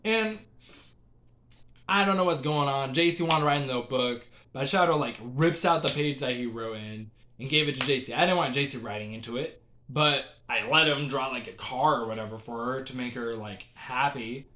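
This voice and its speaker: A man's voice: mid-range voice, fairly quick, pushed and bright, a little hiss or hum. A young man telling a story in a casual, rambling way, full of fillers and restarts.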